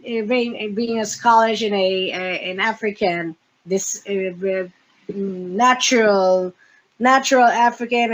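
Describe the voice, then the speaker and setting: A woman hosting a casual fan podcast, talking in a halting way with many fillers and restarts. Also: on the high side, fairly bright tone, rough recording. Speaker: podcast host.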